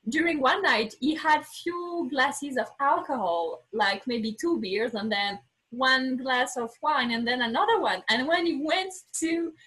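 Podcast guest, woman, husky slightly high voice, animated storyteller acting out quotes, non-native English. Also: low-quality recording. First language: not English. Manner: animated, acts out quoted dialogue, frequent restarts. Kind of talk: candid personal storytelling.

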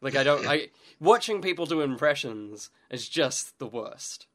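A man chatting casually as a podcast co-host, groggy after a late night, talking in a halting way with restarts and quick laughs. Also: medium pitch, expressive, fairly bright tone. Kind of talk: casual chat.

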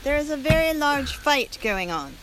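A woman's voice: high-pitched, big pitch swings, normal speed, background noise. A woman hosting a podcast in casual, playful chat, laughing often, recorded outdoors at dinner. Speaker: podcast host.

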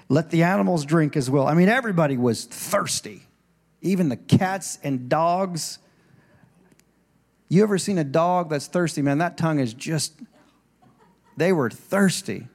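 A man's voice: a little high, a little slow, vocal fry, long pauses, darkish tone. A male pastor preaching a sermon in a church, conversational and digressive, with restarts, and acting out scripture voices with rising emphasis.

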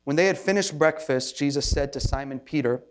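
A man's voice: a little high, fairly quick. A man preaching as a pastor in an informal, conversational sermon, with self-deprecating asides and frequent restarts.

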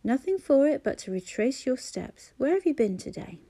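A blunt, bantering cafe owner , voiced by a woman. Her tone is mellow and soft, delivered in an audiobook reading. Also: high voice, very animated, normal speed, voice pushed up, exaggerated voice. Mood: brusque.

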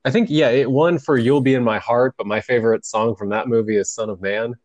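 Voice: medium pitch, fairly even intonation, a little fast, a little mellow, dry recording. A co-host in a casual chat who rambles, hunts for words and jokes around. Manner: rambling, loses words, jokey. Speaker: podcast co-host.

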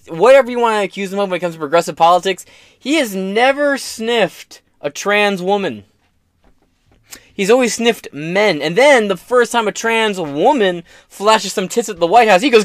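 A man hosting a casual podcast, his speech swinging up and down in pitch from a fairly high voice. He rambles through the news with profane jokes and quick asides. The sound is close and dry. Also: no echo. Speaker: podcast host. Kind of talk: casual political podcast commentary.

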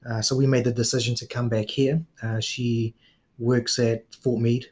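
Man, New Zealand accent, middle-aged, relaxed interview guest, laughs easily. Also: mid-range voice, normal speed. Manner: relaxed storyteller, frequent fillers and laughs. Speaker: guest police officer. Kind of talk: casual interview chat.

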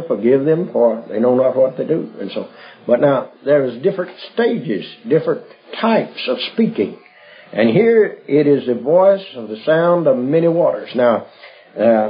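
A man teaching from the Bible in a halting, folksy way, with many fillers and restarts. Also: medium pitch. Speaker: preacher. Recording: dull lo-fi old recording with faint music.

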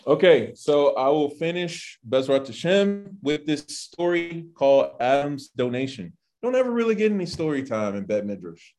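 Animated man teaching Bible study. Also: a little high, moderate pace, few pauses. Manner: animated, chatty, jumps between asides and acted quotes.

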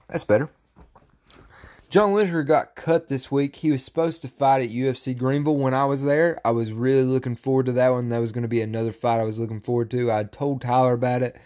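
A man hosting a combat-sports podcast, talking casually and profanely, breaking into loud, animated rants. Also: mid-range voice. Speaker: podcast host.

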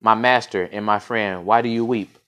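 A man voicing a gentle wise ox. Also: lowish voice, fairly even intonation, moderate pace, clear, resonant tone. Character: gentle patient ox, wise and loyal.

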